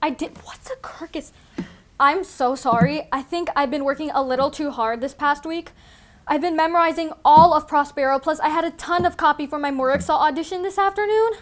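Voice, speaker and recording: A woman's voice: sits high, a little fast, close to an everyday voice. A woman playing an exhausted young actress who stumbles over her lines and keeps apologizing over a video call in a comedy sketch. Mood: flustered. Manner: flustered, tongue-tied, apologetic. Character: frazzled young actress botching an audition.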